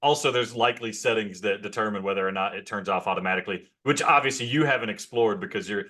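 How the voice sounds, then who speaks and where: Bright-voiced teasing male podcast host. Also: fairly low pitch, fast. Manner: teasing, playful hype. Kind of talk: casual podcast banter. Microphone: remote call mic.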